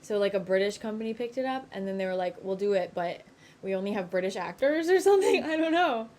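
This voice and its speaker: A woman co-hosting a casual podcast chat, animated and giggly, talking in quick bursts. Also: medium pitch, slight background noise. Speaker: podcast co-host.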